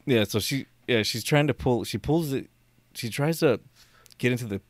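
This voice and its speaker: A man's voice: mid-range voice, moderate pace, no room sound. A young man who works at a store, telling a rambling, profane story in casual chat and laughing along.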